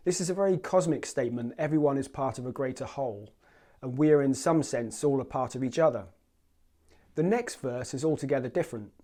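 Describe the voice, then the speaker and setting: Man, host, scripted poetry commentary, recites lyrics slowly, slightly high, mellow tone. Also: expressive.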